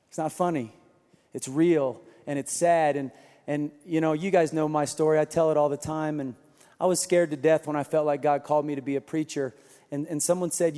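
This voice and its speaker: Male pastor, sermon, high voice, self-deprecating storyteller, church hall reverb. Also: steady tone, brisk, a little mellow.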